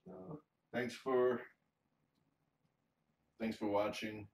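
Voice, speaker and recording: A man streaming live as a cat fosterer, talking softly to the cat and explaining the next steps to viewers, restarting his phrases as he goes. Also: mid-range voice, lively intonation, extremely slow, creaky. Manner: soft-spoken, coos fondly to a cat. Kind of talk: casual livestream chat. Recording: roomy sound, mic some distance away.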